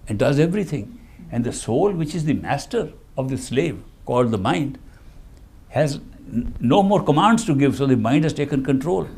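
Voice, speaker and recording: A man giving a calm, explanatory spiritual lecture as a teacher. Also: mid-range voice, breathy edge.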